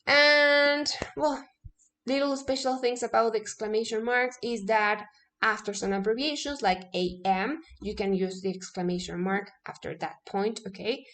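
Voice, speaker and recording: A woman's voice: on the high side, moderate pace, fairly bright tone. A woman English teacher, a native Spanish speaker, explaining grammar step by step, often checking in with "okay?" and correcting herself mid-sentence.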